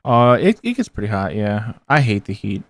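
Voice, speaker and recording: A man's voice: on the low side, sing-song, moderate pace, no room sound. A man in his thirties who grew up near New Orleans, a band member guest chatting casually and swearing freely. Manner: laid-back, swears freely. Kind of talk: casual interview chat.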